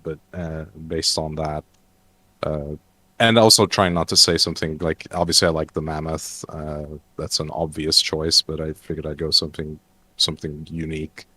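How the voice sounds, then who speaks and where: A man's voice: a bass voice, level tone, normal speed, bright, forceful tone, husky, no room sound. A man chatting casually on an online roundtable, hesitating often with fillers and restarts. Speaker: roundtable panelist.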